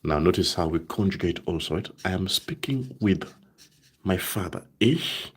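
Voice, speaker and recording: A man teaching a live online German lesson, saying example sentences slowly and checking in with "right?" often. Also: deep voice, lively intonation.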